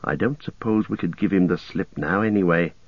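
A man's voice: low voice, fairly quick, slightly rough, no room sound, muffled recording. A man reading an audiobook voices a blunt, grumbling young male hobbit. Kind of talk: audiobook character voice.

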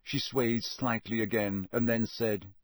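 A man reading a novel aloud as audiobook narrator, in a steady, measured storytelling manner. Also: mid-range voice, dry recording. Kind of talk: scripted narration.

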